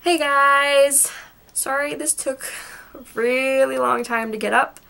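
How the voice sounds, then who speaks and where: A young woman gushing excitedly about a TV show in a casual vlog. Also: sits high, takes it slowly, gravelly. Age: young adult. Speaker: guest vlogger.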